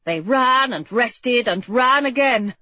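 A woman narrating a storybook in an expressive, lively reading. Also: a little high, takes it slowly, no echo. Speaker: audiobook narrator. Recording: dull, muffled audio, dry.

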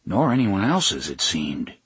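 A man narrating a novel in a measured, steady storytelling manner. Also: low-pitched, husky, no room sound. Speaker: audiobook narrator. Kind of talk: scripted narration.

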